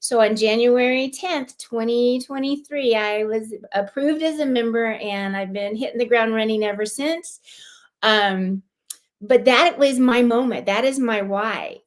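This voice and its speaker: A woman from California, a guest on a live-streamed club show, telling a personal story in a heartfelt, animated way. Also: fairly high pitch, unhurried. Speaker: guest, club lieutenant governor.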